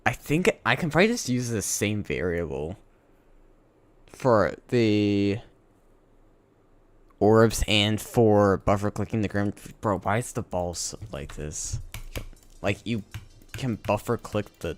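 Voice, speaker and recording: Male streamer, low-ish voice, very slow, sleepy, halting self-talk while coding. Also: animated. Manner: thinks aloud, halting, self-correcting. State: sleepy, yawning. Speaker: game developer streaming.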